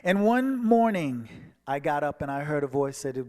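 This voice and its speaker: A man giving a personal testimony as a guest speaker, telling his story and acting out the dialogue, moving from hushed passages to soaring ones. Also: a little high, sing-song, moderate pace. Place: church sanctuary. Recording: long hall reverb.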